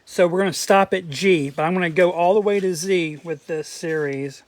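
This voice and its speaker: A man's voice: high-pitched, moderate pace, dry recording. Crude joking man, dry close sound. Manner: crude, joking, rambling asides. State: dry throat. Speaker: collector vlogger. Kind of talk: casual show-and-tell vlog.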